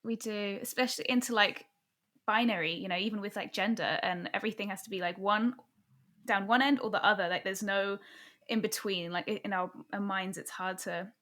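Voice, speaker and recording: A woman's voice: mid-range voice, brisk, fairly bright tone. Chatty woman hosting a podcast. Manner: chatty, full of filler words and restarts. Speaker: podcast host. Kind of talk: casual conversational interview.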